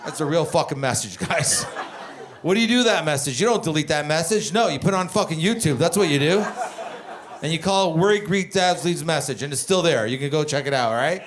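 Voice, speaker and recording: A man's voice: on the high side, expressive, brisk, a crowd in the background. A man from Canada doing a stand-up comedy set, telling rambling, profane stories on a club stage. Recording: comedy club with audience laughter.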